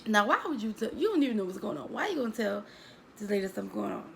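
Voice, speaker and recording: A woman's voice: mid-range voice, big pitch swings, very fast, gravelly, a little hiss or hum, poor audio. A woman telling a story from her school days to her viewers in a chatty, dramatic way, calling them girl and baby. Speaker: storytime vlogger.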